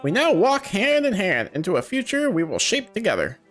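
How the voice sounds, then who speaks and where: A man's voice: sits high, wildly swooping pitch, moderate pace, a bit bright, faint music behind, voice pushed up, full character voice. A man voicing a showy small-town businessman who gives a folksy, grandiose festival speech.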